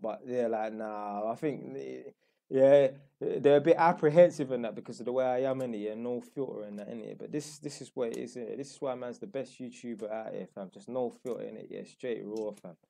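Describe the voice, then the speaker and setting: A man's voice: medium pitch, moderate pace, creaky, mellow. A young man with a London accent telling a rambling, slangy story in a blunt, casual way. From London, England. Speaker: YouTuber.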